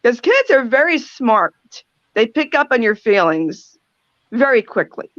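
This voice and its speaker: Older woman, talk radio host, gentle and reflective delivery, slightly dull close-miked sound. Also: on the high side, very animated, dry recording. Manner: reflective, pausing, softly emotional storytelling. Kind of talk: heartfelt conversational talk.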